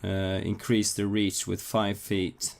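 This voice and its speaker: Slow, hesitant low-voiced man. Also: completely flat delivery, vocal fry. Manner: hesitant, thinking aloud with fillers. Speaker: player. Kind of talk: tabletop game play.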